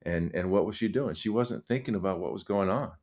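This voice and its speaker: A middle-aged man speaks as a guest on a podcast, earnest and animated as he tells his stories. He keeps doubling back with fillers and restarts. His voice sits a little low. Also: brisk. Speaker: podcast guest, high school coach. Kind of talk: conversational storytelling.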